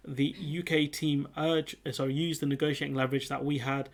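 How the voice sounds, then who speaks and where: A man's voice: a little high, level tone, a little fast. A man reading political commentary aloud and reacting to it with sarcastic, exasperated remarks.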